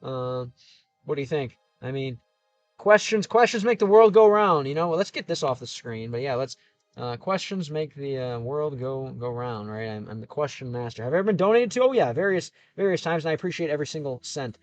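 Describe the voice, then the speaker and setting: A man's voice: a little high, lively intonation, a little fast, no room sound, highs cut off, faint music behind. A man casually chatting on a livestream, reading out viewer comments and answering them with lots of fillers and restarts. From Ohio. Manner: chatty, thinks aloud with many fillers and restarts. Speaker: streamer.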